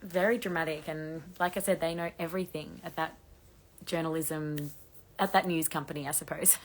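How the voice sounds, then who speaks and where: Croaky low-voiced woman. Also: steady tone. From Australia. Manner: fast-talking, chatty, laughs often. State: hoarse, losing her voice. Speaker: gossip livestream host. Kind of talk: casual livestream chat reading comments. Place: bedroom at home with laundry drying.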